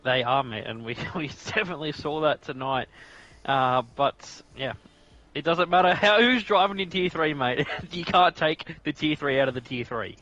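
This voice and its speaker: A man's voice: a little high, normal speed, sharp tone, no echo, lo-fi sound, faint music behind. A man with an Australian accent doing casual live commentary on a sim racing league, laughing and bantering as he runs through the grid.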